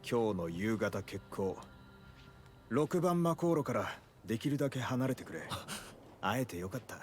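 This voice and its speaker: Brief: male actor as a grave, determined rebel, fast speech, game mix with music. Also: medium pitch, very animated, close to an everyday voice. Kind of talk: Japanese game dialogue.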